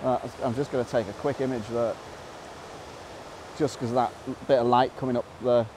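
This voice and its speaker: A middle-aged man talks straight to his camera outdoors, walking through a valley toward a waterfall. His voice sits at an ordinary middle pitch, and he keeps breaking into wows and laughter. Between those bursts he talks through how he is framing each photograph. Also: little pitch movement, normal speed, a little mellow, a little hiss or hum. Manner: explains photo composition while working. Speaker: nature photographer. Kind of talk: outdoor vlog narration.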